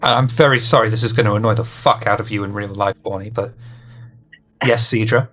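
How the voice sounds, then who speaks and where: A man's voice: fairly low pitch, fairly even intonation, quick pace, fairly bright tone, a little hiss or hum. A man running a tabletop role-playing game, narrating and joking casually with players. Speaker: game master.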